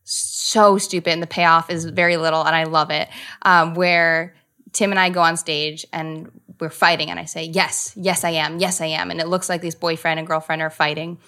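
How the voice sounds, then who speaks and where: A woman's voice: sits low, level tone, moderate pace, sharp tone. A woman in her thirties, a comedic actor, chatting animatedly as an interview guest and laughing often. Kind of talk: casual interview chat.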